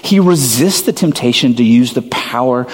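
A man's voice: medium pitch, lively intonation, moderate pace. Man preaching in a reverberant hall. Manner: conversational, filler-heavy, earnest. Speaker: pastor. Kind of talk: sermon.

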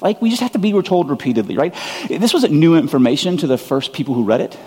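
Husky-voiced preacher in a reverberant hall. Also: male voice, a little high, big pitch swings, quick pace, darkish tone. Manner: conversational, earnest, self-deprecating. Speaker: pastor. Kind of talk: sermon.

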